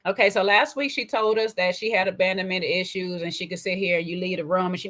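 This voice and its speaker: A woman hosting a casual, sassy commentary on a reality dating show, with a colloquial, animated delivery. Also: fairly low pitch, brisk, few pauses. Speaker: commentary host.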